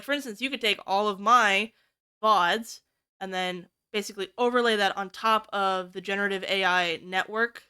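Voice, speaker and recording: Young woman streamer from the US, clear bright voice, animated and swears a lot, shoots up in pitch for quotes. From United States. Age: young adult. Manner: animated, swears freely, high-pitched when quoting others. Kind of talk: casual chat while working on stream.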